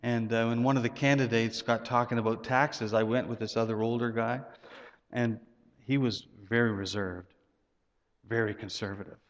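A man's voice: steady tone, normal speed. Pastor, male, conversational sermon delivery with stumbles and repeated words, long hall reverb, muffled sound. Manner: conversational preaching with repeated words and sudden rises in pitch.

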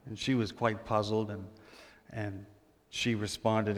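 A man's voice: fairly low pitch, level tone, slow. Male pastor preaching in a reverberant hall. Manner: storytelling, humorous, drops to a hush for emphasis. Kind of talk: sermon.

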